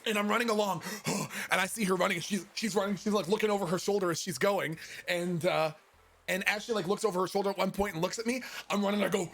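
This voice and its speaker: A man's voice: high-pitched, fast talker, fairly bright tone, slight background noise. A young man, a streamer, telling a funny story in a casual, profane, self-mocking way.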